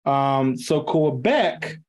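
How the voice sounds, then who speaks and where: A man's voice: medium pitch, lively intonation, very slow. A man co-hosting a casual podcast chat, with loose slangy talk and frequent laughter. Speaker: podcast co-host.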